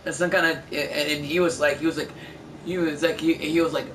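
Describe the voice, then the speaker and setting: Man, fairly high voice, rambling gaming chat, distant mic, noisy background. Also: fairly even intonation, fast talker. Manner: rambling, stumbling storytelling with many restarts. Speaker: gameplay streamer. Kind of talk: casual chat while gaming.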